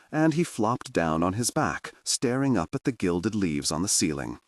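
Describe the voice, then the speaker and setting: A man reading a fantasy audiobook in a deep, husky voice. His delivery swings widely in pitch as he tells the story. The sound is close and dry. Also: measured pace, hardly any pauses, no echo. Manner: expressive storytelling. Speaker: audiobook narrator. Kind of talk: scripted narration.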